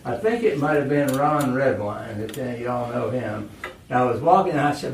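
A man's voice: medium pitch, lively intonation, moderate pace, slight background noise. A male pastor preaching a sermon, telling stories and asking his congregation questions. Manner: storytelling, asks the congregation questions. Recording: echoey room, voice from far off.

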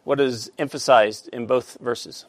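A man teaching a Bible study class, halting with many fillers and asking the class questions. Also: mid-range voice, fairly even intonation, no echo.

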